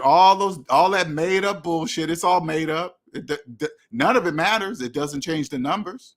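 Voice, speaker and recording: A man's voice: on the high side, normal speed, few pauses. A man hosting a money channel, talking bluntly and repetitively straight to his viewers with many restarts. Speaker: finance channel host. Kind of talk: direct-to-camera rant.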